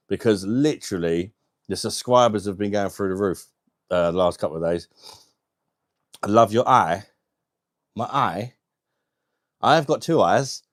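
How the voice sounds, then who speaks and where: A man's voice: on the low side, no echo, studio quality. A young man hosting a casual live stream on a wireless mic, chatty and laughing often as he greets viewers by name. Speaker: livestream host.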